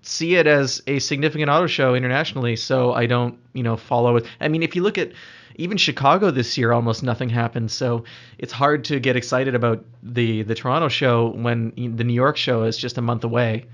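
A man's voice: mid-range voice, fairly quick, a bit bright, lo-fi sound. A man co-hosting a casual podcast chat, wry and opinionated with dry jokes. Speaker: podcast co-host.

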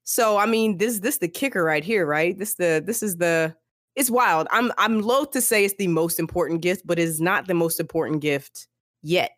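A woman co-hosting a podcast, telling the story in a lively, casual way full of "like" fillers. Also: on the low side, moderate pace, no room sound, studio quality. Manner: animated storytelling, many "like" fillers, acts out characters. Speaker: podcast co-host. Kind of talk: casual book-discussion chat.

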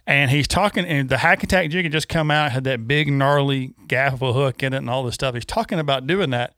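A man co-hosting a casual fishing talk show, animated and rambling, with many restarts. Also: mid-range voice, a little fast, dry recording, clean studio sound. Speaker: co-host.

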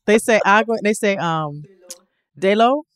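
A woman's voice: mid-range voice, lively intonation, unhurried, no room sound. A woman co-hosting a podcast in casual chat, teasing and playful, laughing often. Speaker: podcast co-host.

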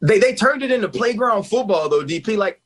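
A man in his forties talking sports on a radio show, emphatic and animated, laughing often. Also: high-pitched, a little fast. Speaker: guest analyst, former player.

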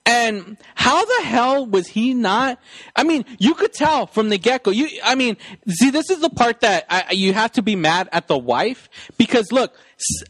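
A male podcast host chatting in a radio station studio, excitable and rambling, often breaking into acted-out movie lines. His voice sits high and moves in lively leaps. The sound is close and dry. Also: measured pace, dry recording. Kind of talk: casual chat about a movie.

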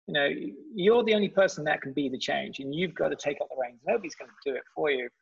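A man being interviewed, telling his story casually in a halting way, with repeated words and restarts. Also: on the high side, gravelly, husky. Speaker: guest. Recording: dull muffled audio.

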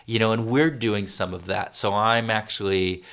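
A man being interviewed as a consultant, speaking in a halting way with many restarts and repeated words. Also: fairly low pitch, fairly even intonation, a bit bright, clean tone. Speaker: consultant guest. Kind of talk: interview conversation.

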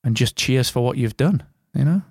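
A man's voice: mid-range voice, expressive, moderate pace, a little mellow, husky, no room sound. A man hosting a casual podcast, chatty and rambling, with a close, dry sound. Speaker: podcast host. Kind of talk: casual chat.

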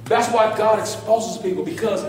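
High-voiced preacher man in an echoey hall. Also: normal speed, recorded from a distance. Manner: animated, folksy preaching with rising shouts and call-outs to the congregation. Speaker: pastor. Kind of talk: sermon. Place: large church hall.

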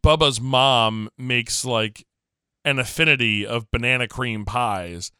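A male podcast co-host in casual, animated chat, laughing easily and slipping into quoted voices. His voice is bright and crisp, recorded close and dry with no room sound. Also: medium pitch, slow, no room sound.

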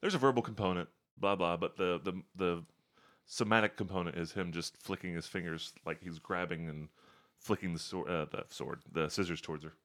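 A man's voice: low-pitched, a little fast, a bit bright. A man playing a tabletop role-playing game who explains his moves eagerly. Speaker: player. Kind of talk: casual tabletop play.

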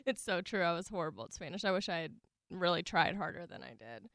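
Southern American woman host, smooth voice. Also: fairly low pitch, lively intonation, fast talker, a bit bright, no echo, clean studio sound. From Southern United States. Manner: friendly, self-deprecating chat. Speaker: podcast co-host. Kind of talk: casual podcast interview.

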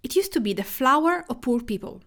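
A woman from Tuscany with an Italian accent, hosting a cooking podcast in a measured, scripted narration. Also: high-pitched, expressive, a bit bright. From Tuscany, Italy. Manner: measured, list-like delivery with Italian food terms. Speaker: podcast host.

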